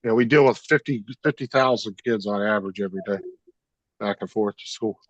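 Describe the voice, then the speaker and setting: A man's voice: lowish voice, fairly quick, no echo, dull audio. A blunt man chatting casually on a live stream, swearing now and then. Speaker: school bus district worker.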